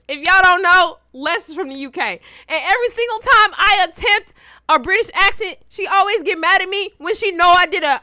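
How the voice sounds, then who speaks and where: A young woman, chatting casually as she reacts to a video and her chat, teasing and swinging between loud outbursts and low mutters. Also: lively intonation, a little fast, dry recording, studio quality.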